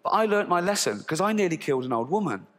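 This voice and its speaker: Comedian with a raised voice in a reverberant hall. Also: male voice, sits high, fast. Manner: crude, deadpan shock punchlines, frequent laughter at own jokes. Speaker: stand-up comedian. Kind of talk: stand-up routine. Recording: long reverb of a large hall.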